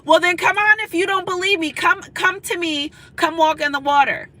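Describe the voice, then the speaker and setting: A woman's voice: very high voice, fairly even intonation, normal speed, sharp tone, pitched above the performer's own voice. A woman voicing a pleading, insistent male holy teacher who coaxes and chides his doubting follower. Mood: coaxing. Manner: coaxing, exasperated.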